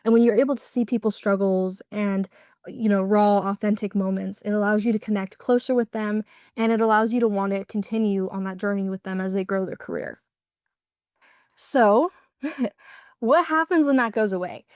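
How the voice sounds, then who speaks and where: A woman's voice: mid-range voice, moderate pace, a little mellow, dry recording, clean studio sound. A young woman giving a casual class presentation, explaining with lots of fillers. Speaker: student presenter.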